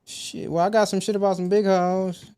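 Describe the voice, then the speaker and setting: A man's voice: high voice, normal speed, smooth. A man hosting a live online panel who jokes with the guests and the chat in a casual way. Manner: lively, teasing, joking with the chat and guests.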